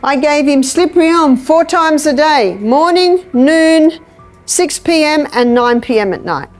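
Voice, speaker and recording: A woman giving a health lecture, animated and telling a story while she acts out the dialogue. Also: sits high, unhurried, faint music behind. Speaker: natural health educator.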